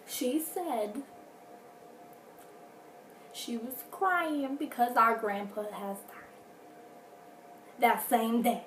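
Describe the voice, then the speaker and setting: A woman's voice: a little high, very slow, long pauses, fairly bright tone. A woman telling a casual storytime vlog at home, chatty with dramatic asides. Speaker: vlogger. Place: home indoors, furnace running. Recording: roomy, distant from mic, faint noise.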